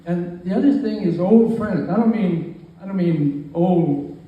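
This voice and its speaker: Speaking unhurriedly in a high-pitched voice, a ninety-something man teases guests at his own birthday party with a rambling speech full of jokes at his own expense. The recording is muffled, from a distant mic in an echoey room with faint background noise.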